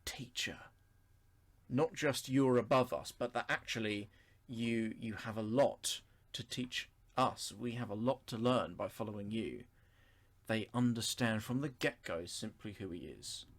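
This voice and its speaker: Here the Bible study teacher's voice sits on the low side. Unhurried and thoughtful, he reads the text aloud and explains it one verse at a time, with pauses and occasional self-corrections.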